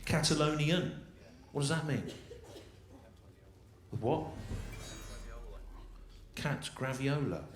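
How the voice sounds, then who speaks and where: A man's voice: a little high, slow pace, pauses often. A man doing live stand-up with crowd work on stage, talking in a dry, repetitive, mock-exasperated way. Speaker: stand-up comedian. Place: large live comedy venue, on stage. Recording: echoey live venue, loud noise. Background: audience laughter.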